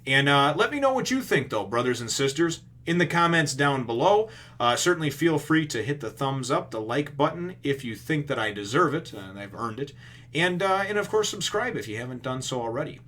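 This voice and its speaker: A man's voice: mid-range voice, brisk. A man casually recapping a comic chapter on his video channel, rambling and swearing as he retells it. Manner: rambling, profane, animated retelling. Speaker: comic review vlogger.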